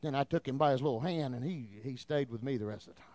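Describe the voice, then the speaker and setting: A man in his thirties preaching a sermon in church, telling a story in an animated way and repeating words as he gets excited. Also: medium pitch, fast. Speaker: pastor.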